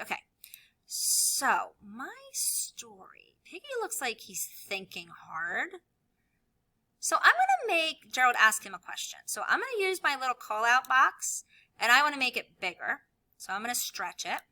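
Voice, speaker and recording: Lady teacher doing a kids tutorial, super lively up-and-down voice, whispers sometimes. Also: on the high side. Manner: animated, sing-song teacher voice, drops into soft whispers. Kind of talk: screen-recorded classroom tutorial.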